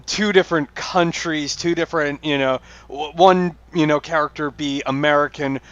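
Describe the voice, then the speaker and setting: A man's voice: on the high side, steady tone, moderate pace, fairly bright tone, no echo, muffled recording. Hesitant man podcast co-host. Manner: hesitant, many "you know" fillers. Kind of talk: casual chat.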